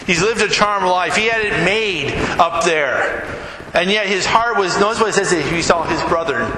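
In an echoey hall with faint ambience and a noisy background, a man preaches at a normal speed, his voice sitting high. As a pastor, he brings his stories to life by acting out the characters and their words.

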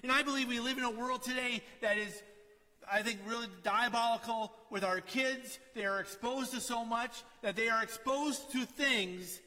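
A middle-aged man preaching a sermon in a conversational way, often asking "right?" and dropping to a quiet storytelling tone. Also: high voice, big-room sound. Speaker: pastor.

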